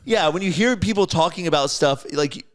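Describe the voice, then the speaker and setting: A man co-hosting a podcast in relaxed, rambling casual chat. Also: fairly high pitch, moderate pace. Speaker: podcast co-host.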